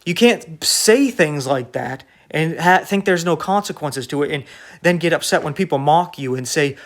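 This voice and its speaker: A man's voice: fairly high pitch, animated, normal speed. A man preaching an online sermon in an emphatic, rebuking way, full of rhetorical questions.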